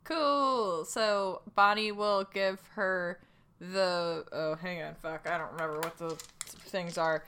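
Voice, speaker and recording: A woman playing a tabletop game, chatting casually and reacting in an excitable, blunt way. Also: fairly low pitch, slow, clear, resonant tone. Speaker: player.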